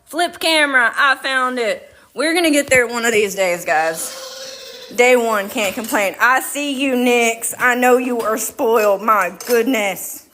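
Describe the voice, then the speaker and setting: A woman's voice: a little high, measured pace, sharp tone. A middle-aged woman with a Southern US accent, chatting folksily on a livestream and greeting viewers by name while milking goats. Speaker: livestream host. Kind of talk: casual livestream chat. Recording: noisy with machine hum. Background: milking machine running.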